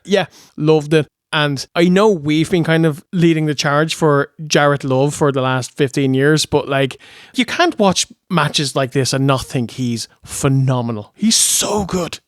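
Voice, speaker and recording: An enthusiastic Irish co-host who laughs often, his voice slightly high. The sound is dry and close, with no room behind it. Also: a little slow, clear, resonant tone, dry recording. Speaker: podcast co-host. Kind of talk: casual review chat.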